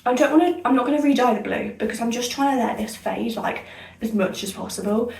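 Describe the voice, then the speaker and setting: Rambling young woman, gravelly voice. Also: a little high, a little fast, darkish tone, far from the mic. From Somerset, England. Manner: rambling, self-correcting and chatty. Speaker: vlogger. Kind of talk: casual hair-dye vlog chat. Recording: echoey room, off-mic.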